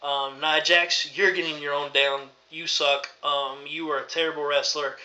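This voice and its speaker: On a dull, lo-fi recording, a man rants through a wrestling show recap, sounding exasperated and rambling with plenty of fillers. His voice is a little high and sharp, with a level tone and moderate pace.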